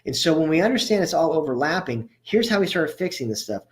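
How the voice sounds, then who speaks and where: A man's voice: a little high, very animated, quick pace. A man giving a casual, conversational health workshop as a chiropractor, often restarting his sentences and stressing his key points. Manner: casual and conversational, with frequent restarts and filler words. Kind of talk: informal health workshop talk.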